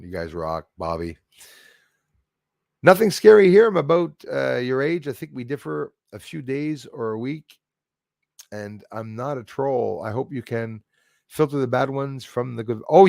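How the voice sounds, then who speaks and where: A man with a French Canadian accent chats loosely on a livestream, reading out viewer comments and drifting between thoughts. He chuckles often, and his voice jumps suddenly from mutters to loud bursts. His voice sits at an ordinary middle pitch, recorded close and dry with no room sound. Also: normal speed, vocal fry, no echo. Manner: rambling, chuckling, jumps loudly between topics. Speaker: livestream host.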